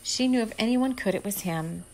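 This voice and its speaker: A woman's voice: on the high side, moderate pace, a little mellow, low-quality recording. Woman reading her own story aloud. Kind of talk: storybook narration.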